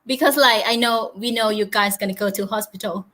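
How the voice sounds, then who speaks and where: A woman's voice: mid-range voice, a little fast, fairly bright tone, poor audio. A woman from Thailand with a Thai accent, a guest chatting in simple, friendly English and laughing often. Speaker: guest YouTuber. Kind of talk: casual interview chat.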